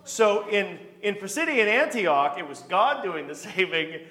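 Man, fairly high voice, Bible class teacher, quizzing the group, reverberant hall. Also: lively intonation, measured pace, sharp tone. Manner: questions the class, reads scripture aloud. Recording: echoey hall.

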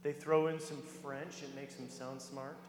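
A man's voice: medium pitch, flat delivery, a little slow, noisy background. A man teaching a Bible study class, reading scripture aloud and putting questions to the group. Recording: echoey hall.

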